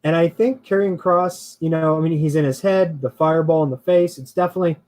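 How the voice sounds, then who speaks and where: A man's voice: a little high, brisk, darkish tone, poor audio. A man co-hosting a casual chat show who laughs often and hedges his opinions as he rambles along. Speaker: podcast co-host.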